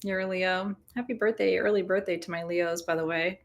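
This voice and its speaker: A woman's voice: fairly low pitch, fairly even intonation, brisk. A woman hosting a live-streamed full moon ritual indoors, talking to her viewers in a chatty way, joking and laughing often. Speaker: spiritual teacher leading a live ritual. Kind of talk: casual live-stream talk. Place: indoors, burning sage.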